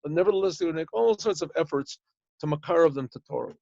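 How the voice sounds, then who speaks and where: Over a video call, a rabbi teaches his yeshiva class a Torah lesson, explaining things simply, translating Hebrew phrases along the way and acting out little dialogues within his stories. His voice sits fairly high and moves fast, with vocal fry and a slightly mellow quality. There's no room sound, though the lo-fi call audio is a little muffled.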